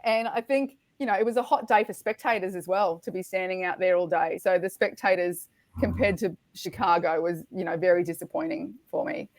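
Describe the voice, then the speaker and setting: A middle-aged woman, a podcast guest, telling a race story in a lively, animated way and acting out the quotes. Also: lowish voice, a little fast, no echo. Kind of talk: storytelling in casual chat.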